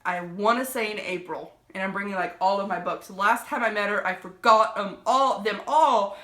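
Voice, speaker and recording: A bright, forward woman rambles excitedly through a casual book review vlog, full of fillers and restarts. Her voice rings around an echoey room. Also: mid-range voice, moderate pace. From United States. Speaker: book vlogger.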